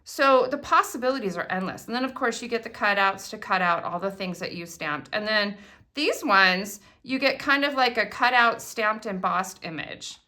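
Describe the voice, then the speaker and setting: Bright, gushing woman unboxing craft supplies. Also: mid-range voice, normal speed. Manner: gushing, excitable, chatty. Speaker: craft product demonstrator. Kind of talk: casual unboxing chat.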